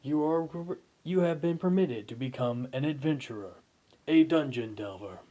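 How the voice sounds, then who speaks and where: A man's voice: mid-range voice, animated, normal speed, dark tone, close to an everyday voice. A man voicing a glowing energy orb that hands out quests and speaks in a formal, announcing way.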